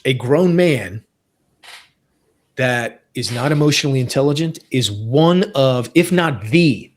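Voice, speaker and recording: A man's voice: mid-range voice, lively intonation, a little slow. A man hosting a podcast in casual conversation, talking earnestly and repeating phrases for emphasis. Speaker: podcast host.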